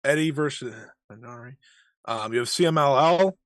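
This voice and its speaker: A man co-hosting a wrestling podcast in casual chat, excitable and quick to swear and cheer. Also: mid-range voice, no room sound, clean studio sound. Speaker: podcast co-host.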